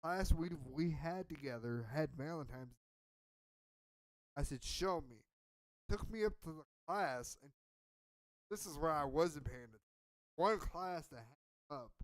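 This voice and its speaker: Male podcaster, casual profane storyteller, a bit high-voiced, dry close sound. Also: unhurried, pauses often, no room sound. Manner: profane, rambling, self-mocking. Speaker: podcast co-host.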